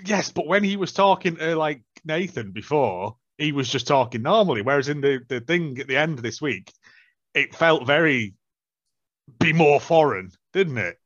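A man's voice: fairly high pitch, animated, normal speed, a bit bright, no echo. A man co-hosting a podcast in casual chat, blunt and swearing casually. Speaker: podcast co-host. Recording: dull lo-fi recording.

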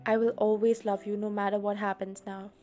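A woman voicing a desperate teenage girl who shouts through her tears as she runs from home. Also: mid-range voice, flat delivery, a little fast, soft background music, close to an everyday voice. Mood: low intense. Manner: shouted and tearful.

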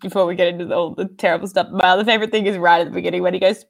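A woman's voice: on the low side, steady tone, racing, creaky, hardly any pauses. Sarcastic chatty woman. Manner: sarcastic, lots of "like". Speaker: podcast co-host. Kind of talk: casual chat.

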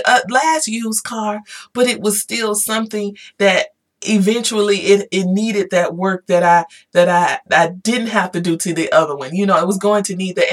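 A woman talking casually to her viewers, animated and emphatic, repeating her points and growing emotional at times. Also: mid-range voice. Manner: animated, repetitive, emphatic, Southern-style "y'all". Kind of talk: casual motivational talk to viewers.

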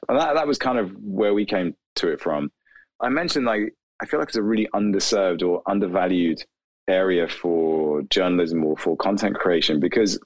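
Deep-voiced guy rambling about ideas, lots of "like", dry close sound. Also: dry recording, low-quality recording. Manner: rambling, animated, lots of "like" fillers. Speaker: guest, video creator. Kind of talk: casual interview conversation.

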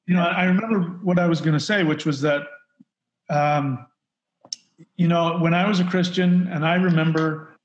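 A man's voice: fairly high pitch, steady tone, normal speed. A man speaking as a podcast guest, talking emphatically in a casual conversation. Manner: emphatic, mocks preachers in put-on voices. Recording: roomy, dull lo-fi sound.

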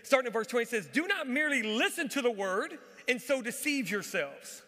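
A man preaching a sermon to a church congregation, animated, repeating his key phrases for emphasis. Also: extremely high pitch, a little fast. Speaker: pastor. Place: church sanctuary. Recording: live church recording with long hall reverb.

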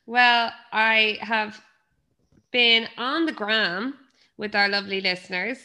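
A woman's voice: medium pitch, steady tone, slow, pushed and bright, clean tone. A young woman with an Irish accent, co-hosting a podcast and telling stories in casual chat, swearing freely. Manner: chatty storyteller, swears freely. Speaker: podcast co-host.

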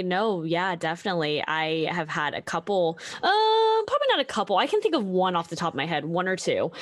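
A young woman streamer telling a story in casual conversation, animated, acting out what people said with lots of "like". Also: fairly low pitch, no room sound. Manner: animated storytelling, acting out quoted exchanges, many likes. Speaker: Twitch streamer.

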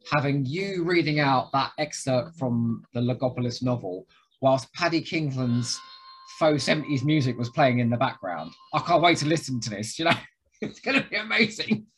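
A man co-hosting a podcast, enthusiastic and jokey, often pausing to find words. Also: medium pitch, a bit bright. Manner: enthusiastic, jokey, hesitant with fillers. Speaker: podcast co-host. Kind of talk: casual podcast chat.

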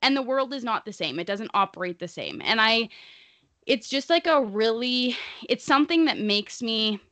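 This is a woman hosting a relaxed podcast conversation. She talks earnestly and wanders through her thoughts with many fillers. Her voice is bright and sits dry and close. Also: a little high, moderate pace, no room sound. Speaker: podcast host. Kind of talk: casual chat.

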